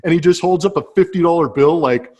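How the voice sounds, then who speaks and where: A former ball player co-hosting a casual chat show over a webcam call, telling stories in an animated way with frequent laughs. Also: male voice, fairly high pitch, fast. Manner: animated storyteller who laughs as he talks. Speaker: podcast co-host, former baseball player. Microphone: webcam setup.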